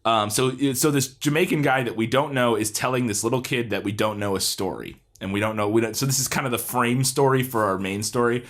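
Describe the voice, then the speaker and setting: A man's voice: medium pitch, a little fast, few pauses, fairly bright tone. A man co-hosting a podcast, recapping a film in casual chat with swearing and laughter. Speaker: podcast co-host. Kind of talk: casual movie-review chat.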